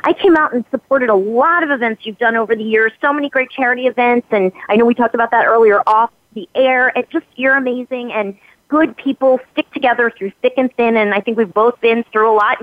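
Brief: effusive actress guest, woman, fairly high voice, dull dry phone-line sound. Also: no echo. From Philadelphia. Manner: effusive, warm praise, animated. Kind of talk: casual interview chat.

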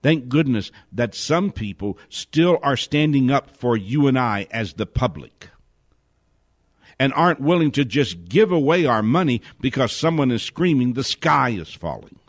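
A man giving a spoken commentary monologue, indignant, asking question after question and dropping to a hushed whisper for emphasis. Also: mid-range voice, lively intonation, no room sound, clean studio sound. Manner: indignant, rapid rhetorical questions. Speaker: host.

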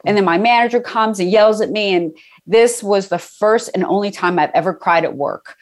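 A woman's voice: mid-range voice, moderate pace. A middle-aged woman, a guest in an interview, telling a personal story in a chatty way, with many fillers and frequent laughs.

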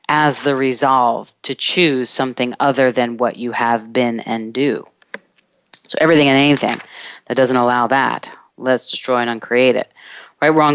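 Self-help host, smooth resonant voice, unhurried and deliberate; dry, slightly dull lo-fi recording. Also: medium pitch, a bit bright, no echo. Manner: slow, deliberate, stretching words in lists. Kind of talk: reflective coaching monologue.

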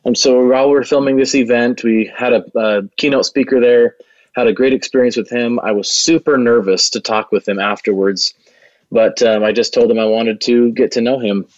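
A man's voice: medium pitch, fairly even intonation, normal speed, no echo, lo-fi sound. A man who runs a video production business, telling a long story in an interview with an earnest, rambling manner and many restarts.

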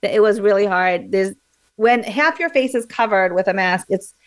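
A woman of medium pitch and moderate pace, guesting on radio, gets animated explaining memory techniques. Fillers and restarts come up often as she talks.

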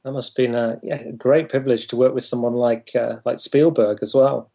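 A man's voice: mid-range voice, steady tone, a little fast, creaky. A man with a northern English accent, hosting an interview and speaking with many ums and easy laughs. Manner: warm, hesitant, many ums, laughs easily. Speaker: host. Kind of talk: casual interview.

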